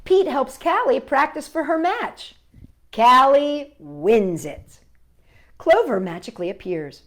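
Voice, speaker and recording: A woman reading a picture book aloud to young children, gentle and animated, and she adds sound effects as she goes. Her voice is high and swoops up and down a lot. She takes her time over every line. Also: slow. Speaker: children's storyteller.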